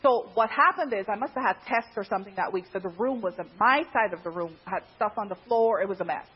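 A woman's voice: fast, slightly rough. A woman from Guyana casually telling a personal story in a chatty way, laughing often, on a dull lo-fi recording. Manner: chatty, laughs often, animated pitch jumps.

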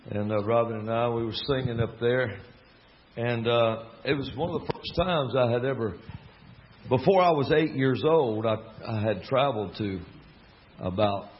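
A Southern-drawling gospel singer and preacher from Alabama tells joking stories from the pulpit, full of asides, in a folksy storytelling sermon. His mid-range voice comes through a muffled recording with a little hiss or hum.

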